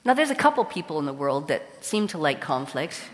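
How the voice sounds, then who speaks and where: A woman's voice: deep voice, sing-song, fairly quick. A woman giving a sermon to a congregation, opening with a joke before talking to them directly about the topic. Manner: warm storytelling with a joke, addressing the congregation. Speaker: preacher. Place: church. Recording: long reverb of a church hall.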